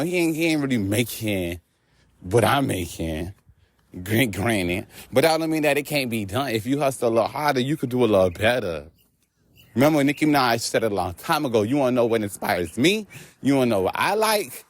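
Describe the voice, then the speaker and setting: A man vlogging outdoors on a walk, telling a story in an animated, profane rant. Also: medium pitch, no room sound. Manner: animated, profane, laughing asides.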